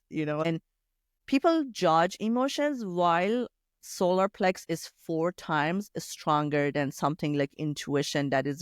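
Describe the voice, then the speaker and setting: A man hosting a podcast interview, talking quickly and acting out little asides in a casual chat. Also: fairly high pitch, smooth, dry recording, studio quality. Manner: quick, lively talk with acted-out asides. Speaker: podcast host.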